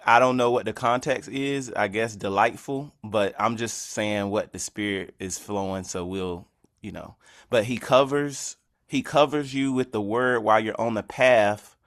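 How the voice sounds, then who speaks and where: A man's voice: lowish voice, unhurried, a bit bright. A man taking part in a group class discussion, earnestly offering a thought on the spot. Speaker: class participant.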